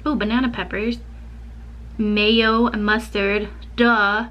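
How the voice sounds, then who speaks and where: A woman's voice: mid-range voice, flat delivery, takes it slowly, lo-fi sound. A woman chatting casually to camera in a home vlog, filling her talk with "like". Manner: chatty, says "like" a lot. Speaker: vlogger. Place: home office.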